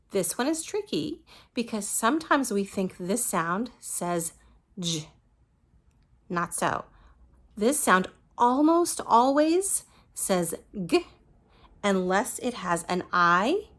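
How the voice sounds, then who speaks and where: A woman's voice: mid-range voice, fairly bright tone. A woman teaching a phonics lesson to young children, patiently modeling each letter sound and praising the listener.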